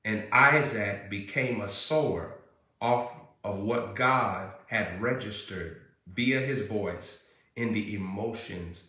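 A man preaching a sermon as a pastor, repeating his phrases and rising into loud bursts. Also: fairly low pitch, slow. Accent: Southern US. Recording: echoey room.

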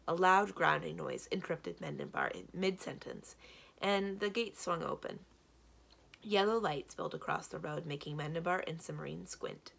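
A woman librarian narrating a children's book aloud in a steady storytelling manner. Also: fairly low pitch, normal speed, gravelly, slightly rough. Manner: steady storytelling, varied delivery.

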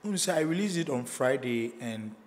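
A man with a Ghanaian accent, a musician answering interview questions in a relaxed way. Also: medium pitch, moderate pace, long reverb tail, a little hiss or hum. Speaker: musician guest.

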